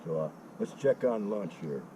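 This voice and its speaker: Man, low voice, gruff, swears a lot, preachy storytelling, forest campsite, insects and passing cars. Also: expressive, normal speed, background noise. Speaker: motorcycle vlogger. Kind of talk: blunt, profane storytelling.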